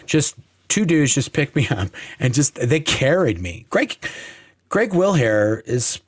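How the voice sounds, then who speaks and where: Guy on a podcast telling a story, swears a lot, mid pitch, dry close sound. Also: slow, breathy edge, no room sound. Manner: blunt and profane, animated when recounting. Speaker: podcast guest. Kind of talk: casual storytelling interview.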